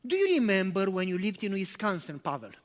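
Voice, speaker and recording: A man's voice: sits high, wildly swooping pitch, a little fast. A male pastor preaching in a conversational way, with rhetorical questions and non-native English phrasing. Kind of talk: sermon. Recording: long church-hall reverb.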